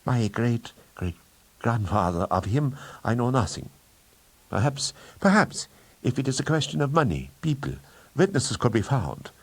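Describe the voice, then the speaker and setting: A man reading an audiobook, voicing a smooth, scheming middle-aged count who tempts with bribes. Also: medium pitch, very animated, measured pace, dry recording, voice pushed up. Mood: guarded. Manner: smooth, persuasive, wheedling. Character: silky sinister middle-aged male count.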